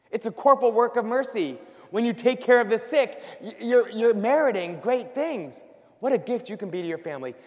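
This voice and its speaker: A man giving a lively church talk to a live audience, acting out worried voices. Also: high-pitched. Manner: animated, acts out worried voices. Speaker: Catholic speaker. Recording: long hall reverb.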